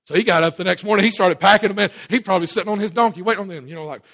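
A man's voice: sits high, racing, a bit bright. A middle-aged man preaching a conversational sermon to a church audience, folksy, asking the crowd questions and often restarting his words. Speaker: pastor. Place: church before a live audience.

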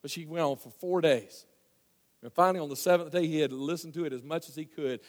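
Working through a scripture story, a fast-talking preacher with a high, folksy voice swings from near shouts down to hushes. His sermon echoes through the long reverb of a hall.

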